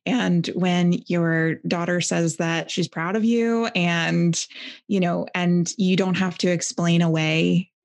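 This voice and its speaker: A woman's voice: fairly low pitch, fairly even intonation, takes it slowly. A woman podcast host talking reflectively and hesitantly in a casual conversation. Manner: reflective, hesitant, many fillers.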